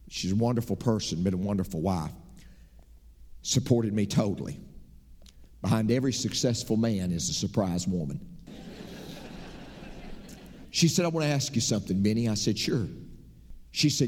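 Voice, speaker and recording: Folksy middle-aged preacher in a reverberant church. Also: male voice, fairly low pitch, lively intonation, fairly quick, long pauses, breathy edge. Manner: folksy storytelling preacher, swings from loud emphatic lines to soft confiding asides. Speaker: pastor. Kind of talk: sermon. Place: church sanctuary.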